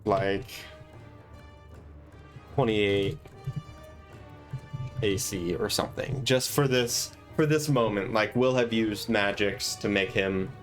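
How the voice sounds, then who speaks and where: A man's voice: lowish voice, slow pace, pauses often, soft background music. A man acting as game master, thinking aloud as he rambles through plans for a tabletop session. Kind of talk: casual planning monologue.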